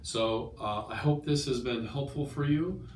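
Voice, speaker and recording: A man's voice: mid-range voice, a little slow, a little hiss or hum. A man with a cold explains listening strategies as a test-prep teacher, patient and checking understanding with "okay?". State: has a cold. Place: language school. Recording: roomy, from a distance.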